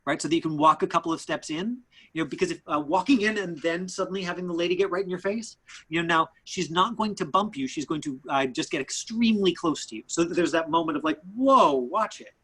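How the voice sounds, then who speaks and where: A man with a slightly high, husky voice runs an online acting class. He stops and restarts often, padding his coaching with fillers. He sounds like he is on a video call. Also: a bit bright, low-quality recording. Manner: halting, many fillers and restarts.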